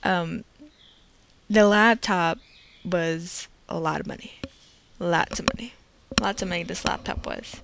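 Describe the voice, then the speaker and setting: A woman's voice: lowish voice, steady tone, a little slow, vocal fry, long pauses, a bit bright, slight background noise. A young woman in a casual vlog, rambling and correcting herself as she explains her long absence, recorded on a laptop microphone. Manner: rambling and self-correcting, with many fillers. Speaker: let's play creator.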